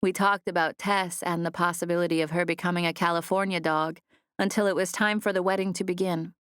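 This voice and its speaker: Woman with a low, even voice for a first-person audiobook; close, dry studio read. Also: a little fast, smooth, no room sound. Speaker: audiobook narrator. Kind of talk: scripted first-person narration. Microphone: close studio mic.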